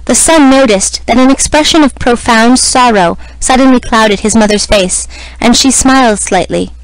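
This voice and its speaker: A woman reading a classic novel aloud as scripted narration, in a measured, even manner. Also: fairly high pitch, no echo, low-quality recording. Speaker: audiobook reader.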